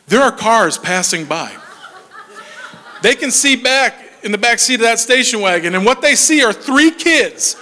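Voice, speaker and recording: A man in his forties telling comic stories on stage, animated and laughing through his punchlines. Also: very high-pitched. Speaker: stand-up comedian. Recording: long hall reverb.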